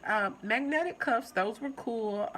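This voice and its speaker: A young adult woman hosting her own channel, casually reviewing a TV episode and talking straight to her viewers in an animated, chatty way. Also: on the high side, measured pace, a little hiss or hum, rough recording.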